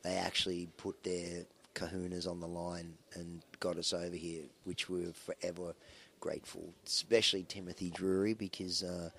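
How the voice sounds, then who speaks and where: Male rock musician, very low voice, loose anecdotal interview talk full of fillers. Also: little pitch movement, normal speed, creaky, few pauses, a bit bright, slight background noise. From Australia. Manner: rambling, anecdotal, with many fillers and restarts. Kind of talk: casual interview storytelling.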